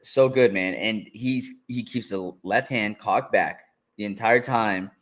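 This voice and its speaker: Laid-back man breaking down fights. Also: fairly low pitch. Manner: relaxed, laughing, drawn-out play-by-play. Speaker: co-host. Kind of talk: casual fight reaction chat.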